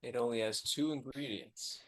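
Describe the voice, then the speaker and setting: A man with a New Zealand accent plays an improv comedy scene. His voice is mid-pitched, and his delivery stays deadpan, with words drawn out for emphasis. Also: normal speed.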